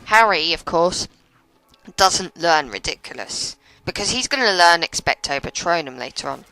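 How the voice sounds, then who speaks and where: A woman's voice: low voice, lively intonation, moderate pace, sharp tone, clean tone, no echo, low-quality recording. A young woman giving chatty, sarcastic gameplay commentary and laughing often. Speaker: let's play commentator.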